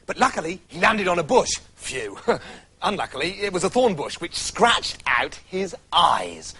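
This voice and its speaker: Man, storyteller, comic fairy tale, theatrical, playful, high lively voice. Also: unhurried, vocal fry, husky.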